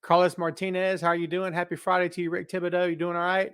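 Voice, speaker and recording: A man's voice: sits high, completely flat delivery, fast talker, hardly any pauses, fairly bright tone, smooth, no echo, studio quality. A middle-aged man hosting a live stream, greeting viewers by name and teasing them, then speaking earnestly. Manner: serious, earnest appeal. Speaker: podcast host. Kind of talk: casual live-stream chat. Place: large empty building. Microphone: in front of a camera.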